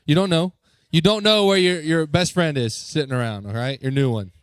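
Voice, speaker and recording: A man leading a youth group as its pastor, upbeat and joking, coaxing the crowd with quick questions. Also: on the high side, smooth, no room sound. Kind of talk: lively talk to a youth group. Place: church youth room.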